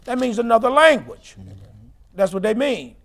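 A man preaching and teaching scripture, emphatic, rising to shouts and spelling out words. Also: extremely high pitch, animated, moderate pace. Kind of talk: sermon-style Bible teaching.

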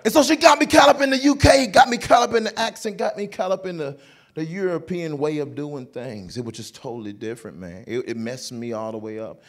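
A man from North Carolina, USA, with a Southern American accent, does stand-up comedy in a slightly high voice at a slightly fast pace. His storytelling is animated, broken up by laughter and shouts.

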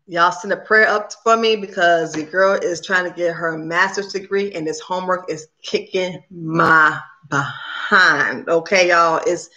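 A woman hosting a livestream in casual, upbeat chat with her viewers. She talks very fast. Her voice is bright and forceful. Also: fairly low pitch, fairly even intonation. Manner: chatty and upbeat, addresses viewers as "y'all". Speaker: cooking channel host on a livestream.

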